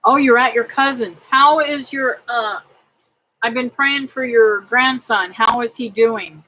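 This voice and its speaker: A middle-aged woman hosting a casual livestream, praying aloud and chatting with viewers in a slow, homely way. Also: on the high side, pushed and bright, poor audio. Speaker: homestead livestream host. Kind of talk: casual livestream chat reading comments.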